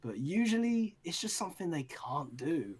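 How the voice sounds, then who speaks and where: A man's voice: fairly high pitch, big pitch swings, moderate pace, husky. A young British man co-hosting a casual podcast, swearing, teasing and laughing often. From Britain. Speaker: podcast co-host.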